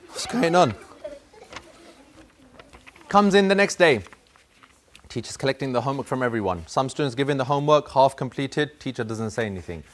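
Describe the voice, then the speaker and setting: A man telling a moral story to children, acting out the voices of a strict teacher and a pupil. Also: mid-range voice. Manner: acts out voices of the teacher and boy. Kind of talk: animated storytelling.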